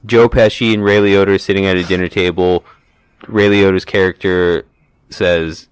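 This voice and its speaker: Guy on a podcast going over movie scenes, lowish voice, dry close sound. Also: fairly even intonation, normal speed, clean tone, no room sound. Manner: retells movie scenes, puts on mobster voices. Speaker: podcast co-host. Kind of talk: casual chat.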